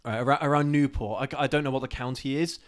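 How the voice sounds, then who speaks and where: Man, casual live-stream co-host, rambling, restarts sentences, gets animated, mid-pitched voice. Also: fast talker. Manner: rambling, animated when ranting, laughs easily.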